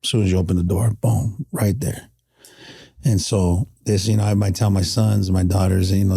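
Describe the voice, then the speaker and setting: A man's voice: sits low, steady tone, moderate pace, vocal fry, warm tone, slightly rough. A middle-aged man. He is a podcast guest telling reflective stories in an earnest, heartfelt way, often stopping and restarting. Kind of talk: reflective storytelling in casual conversation.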